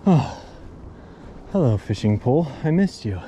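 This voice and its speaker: A man hosting a fishing vlog, talking in an enthusiastic, excitable way outdoors by a snowy stream. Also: mid-range voice, a little slow, lo-fi sound, slight background noise. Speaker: fishing channel host.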